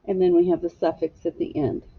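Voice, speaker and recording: Lady teacher doing a slow phonics lesson for kids, kinda low voice, muffled lo-fi sound. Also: fairly even intonation, husky. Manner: slow, patient, drawn-out sounding of syllables.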